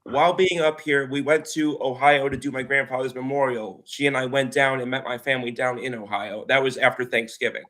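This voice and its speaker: A man's voice: mid-range voice, steady tone, fairly quick, few pauses, a bit bright. A man co-hosting a casual sports chat from his mother's house over a video call, hesitant and stammering. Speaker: co-host.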